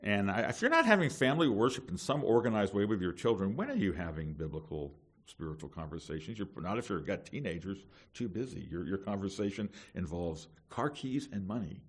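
Emphatic, animated middle-aged male preacher. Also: low-pitched, a little fast, breathy edge. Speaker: pastor. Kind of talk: sermon to seminary students.

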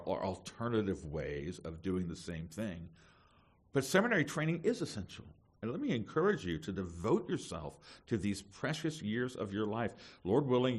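A middle-aged man, a pastor, preaching a sermon to seminary students in an emphatic, animated way, with rhetorical questions. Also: on the low side, slightly rough.

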